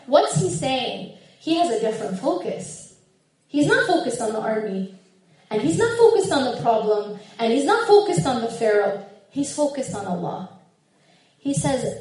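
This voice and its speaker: A woman's voice: on the high side, animated, measured pace. A woman giving a live religious lecture, emphatic, repeating her key points and checking in with her listeners. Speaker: religious speaker. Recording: very echoey hall.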